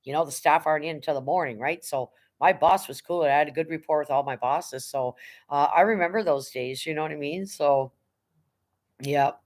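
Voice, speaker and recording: A middle-aged woman hosts a casual livestream chat, rambling and chatty, blunt with a bit of swearing, and greets viewers by name. She speaks fairly quickly in a low voice.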